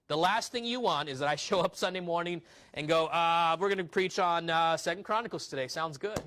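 A male pastor preaches in a loose, conversational way, reading scripture aloud and asking his congregation rhetorical questions. His voice sits a little higher than most men's. He talks the text through like a teacher rather than thundering. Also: fairly bright tone. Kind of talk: sermon.

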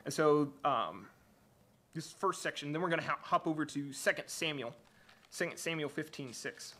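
A man preaching a church sermon and reading aloud from the Bible, halting often with fillers and restarts. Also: fairly high pitch, pushed and bright. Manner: hesitant, many fillers and restarts.

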